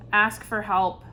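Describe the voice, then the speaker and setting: A woman giving an intuitive tarot reading, speaking softly and reflectively, with sighs and pauses between thoughts. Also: medium pitch, slight background noise. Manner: slow, soft-spoken, reflective, with sighs and pauses. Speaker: tarot reader.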